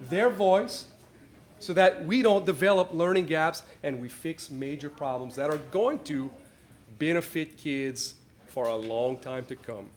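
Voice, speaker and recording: A man speaking earnestly at a school board meeting, advocating for children in formal remarks. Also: a little high.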